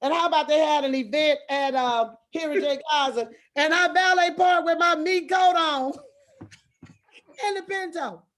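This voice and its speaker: Woman guest, high voice, animated storyteller who laughs mid-story. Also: unhurried. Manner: animated, laughs while telling stories. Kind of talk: lively personal storytelling.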